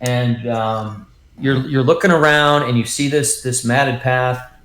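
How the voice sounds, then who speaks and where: A male dungeon master narrates the scene with halting, drawn-out phrasing full of ums and restarts. His voice sits at an ordinary middle pitch. A roomy echo hangs around every word. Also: a bit bright. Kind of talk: narrating a tabletop game.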